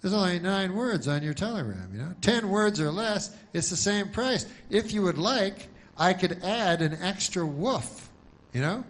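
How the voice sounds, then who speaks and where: A man's voice: high voice, animated, unhurried, pitched above the performer's own voice, rough recording. Man playing a friendly, chatty male telegram clerk who explains the pricing. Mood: helpful.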